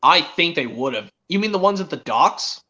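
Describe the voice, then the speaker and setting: A man's voice: a little high, lively intonation, moderate pace, sharp tone, highs cut off. A teenage boy streaming, chatting eagerly in a rambling way with many restarts. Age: teens. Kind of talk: casual chat.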